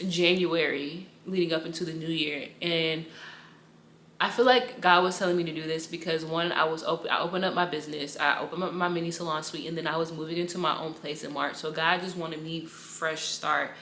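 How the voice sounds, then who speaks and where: A woman's voice: sits low, steady tone, fairly quick, fairly bright tone, echoey room, a little hiss or hum. A young woman giving a personal faith testimony in a casual, rambling way, with slang and a lot of repetition. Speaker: Bible study teacher.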